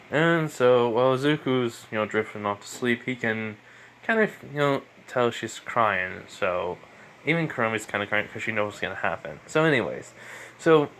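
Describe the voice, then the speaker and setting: A man's voice: fairly low pitch, a bit bright, slight background noise. A man casually retelling a fan story at home, rambling with constant fillers and restarts.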